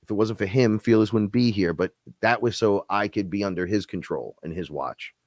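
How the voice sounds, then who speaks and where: A man hosting a casual spiritual talk show, telling stories in a rambling, profane, animated way. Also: fairly low pitch, moderate pace, dry recording. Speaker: host.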